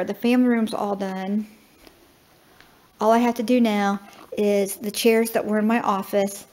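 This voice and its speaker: A woman's voice: medium pitch, darkish tone. A middle-aged woman chatting casually as she tours her half-finished house remodel, thinking aloud with fillers. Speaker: homesteading vlogger. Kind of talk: casual home tour narration. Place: house under remodel, indoors.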